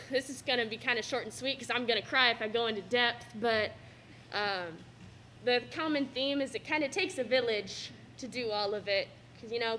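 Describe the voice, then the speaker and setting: A woman's voice: fairly high pitch, fairly bright tone, slight background noise. A young woman giving an emotional thank-you speech in a school cafeteria, tearful and laughing through it. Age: young adult. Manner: laughs through tears, rambling. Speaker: student athlete giving a signing speech.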